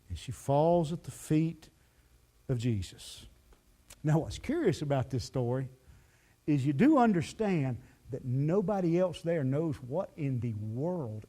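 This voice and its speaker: A man preaching a sermon as pastor, telling the story in a lively, folksy way full of "you know" fillers. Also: sits high. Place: church sanctuary.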